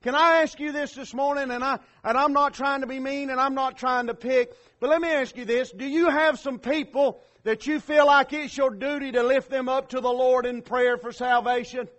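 Impassioned high-pitched preacher. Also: male voice, steady tone, normal speed, few pauses. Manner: impassioned, swells loud on key lines then drops low. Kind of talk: sermon.

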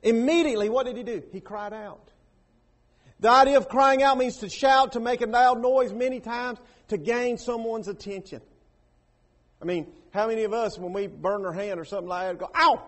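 A man preaches a sermon. He drops to hushed, low lines, then breaks into loud, raised bursts, repeating words and firing questions at the congregation. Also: fairly even intonation, normal speed.

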